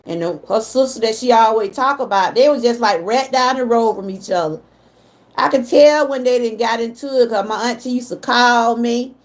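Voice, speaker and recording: Middle-aged Southern woman, livestream host, chatty, speaks straight to her viewers, higher pitch. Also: normal speed. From Georgia, US. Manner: chatty, talks to viewers directly; emotional when talking about her mother. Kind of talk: casual livestream chat.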